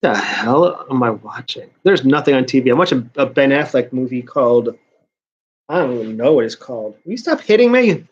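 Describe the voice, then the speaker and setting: A man's voice: mid-range voice, sing-song, fairly quick, husky. A man talking in a casual rambling vlog, a college student ranting about his day in a profane, self-mocking way. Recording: slightly muffled lo-fi audio.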